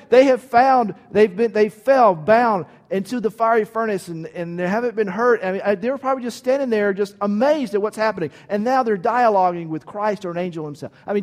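A man's voice: high voice, big-room sound. A man preaching a sermon in an emphatic, conversational way, often checking in with "right?".

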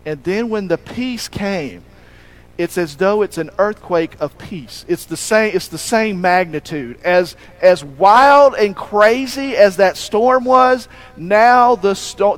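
A man preaching a sermon, telling a story with animated delivery, acting out quoted lines and swinging between loud emphasis and hushed moments. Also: high voice, low-quality recording. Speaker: pastor.

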